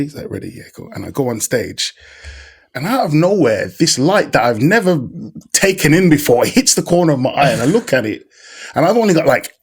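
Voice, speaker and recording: A man guesting on a podcast, a stage actor telling a story in an excitable, laughing, apologetic way. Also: mid-range voice, vocal fry, husky. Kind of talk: animated storytelling in a podcast chat.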